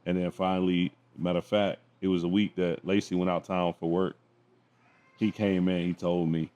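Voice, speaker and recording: Low-voiced man telling family stories. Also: normal speed. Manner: relaxed storytelling, acts out family dialogue. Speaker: podcast co-host. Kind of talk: casual chat.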